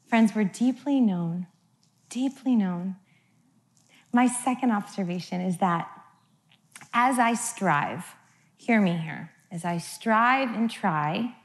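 A middle-aged woman giving a conversational sermon, often checking in with the congregation with "right?" and playfully acting out her children's voices. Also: medium pitch. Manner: chatty, keeps asking "right?" of the crowd. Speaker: church speaker.

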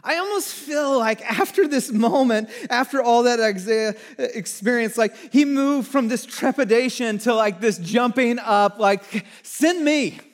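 A man preaching a sermon as pastor, animated, swinging from hushed lines to near shouting. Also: very high voice, normal speed, hardly any pauses.

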